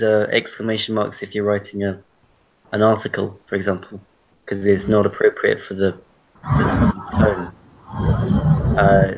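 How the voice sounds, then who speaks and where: Low gravelly male tutor on a call. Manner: relaxed, explains with spoken examples. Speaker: English tutor. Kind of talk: online class explanation. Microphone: video call. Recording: dull lo-fi video call audio.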